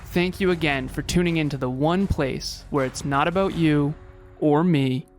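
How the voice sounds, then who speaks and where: A man's voice: fairly high pitch, moderate pace, darkish tone, soft background music. A man co-hosting a relationship podcast in upbeat, enthusiastic casual chat. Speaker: podcast co-host.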